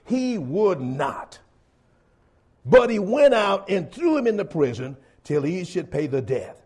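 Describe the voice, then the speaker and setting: A man preaching a sermon to his congregation, pressing key words hard, then dropping low and quiet, calling his listeners folks. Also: expressive, normal speed, husky. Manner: swings between loud stressed phrases and low quiet asides.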